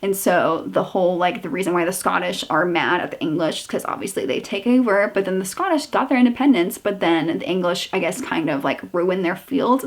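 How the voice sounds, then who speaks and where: A woman chats through her book reviews in a relaxed, everyday voice, piling up fillers as she goes. Her talk has a steady exasperated edge, like a reader venting to friends. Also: on the low side. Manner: chatty, filler-heavy, exasperated ranting. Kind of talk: casual book review chat.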